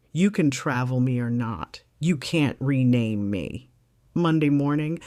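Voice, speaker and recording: A woman's voice: sits low, a little mellow, dry recording, clean studio sound. A middle-aged woman narrating her own story in the first person with a composed, wry, reflective delivery.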